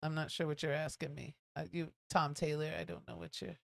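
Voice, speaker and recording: A woman with a somewhat low voice co-hosts a casual live stream. She chats freely and reads out viewers' comments as they come in. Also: little pitch movement, a little fast, vocal fry. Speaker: co-host.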